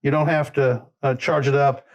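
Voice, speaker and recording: A man presenting products on a live shopping stream in a relaxed, chatty way, explaining features step by step. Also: medium pitch, normal speed. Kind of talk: live product demo chat.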